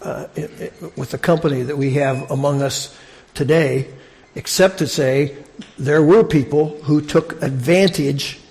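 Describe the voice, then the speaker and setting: A man preaching a sermon in a conversational, halting way, often restarting his sentences. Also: fairly high pitch, a little mellow. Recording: long reverb of a large hall.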